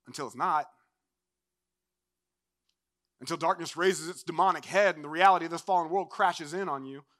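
A young adult man preaching a sermon as pastor, impassioned, swinging from loud declarations to hushed, low passages.

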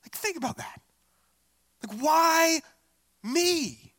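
Bright high-voiced preaching man. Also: moderate pace, no room sound. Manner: expressive preaching, casual asides with "like" and "right?". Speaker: pastor. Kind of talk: sermon.

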